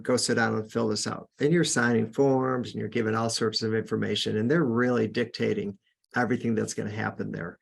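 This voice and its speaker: This podcast host speaks with a fairly low, creaky voice. He offers earnest, casual sales coaching in an instructional style, often restarting his sentences.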